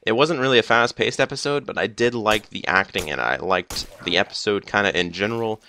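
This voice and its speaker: A man's voice: lowish voice, brisk, pushed and bright, a little hiss or hum. A young man giving a casual TV episode review, rambling with lots of fillers, a little groggy and slurring as if he just woke up. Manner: rambling, filler-heavy with many "like" and "uh".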